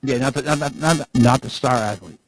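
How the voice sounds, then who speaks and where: A man's voice: mid-range voice, a little fast, noisy background. A man co-hosting a podcast, rambling through casual stories and laughing as he talks. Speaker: podcast co-host.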